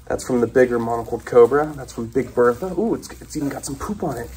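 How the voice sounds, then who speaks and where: A young reptile keeper hosts a casual vlog about caring for his snakes and lizards, filmed on a phone propped on a can. He talks fast in a mid-range, slightly mellow voice, chatty and enthusiastic, cooing at the animals. There's slight hiss or hum.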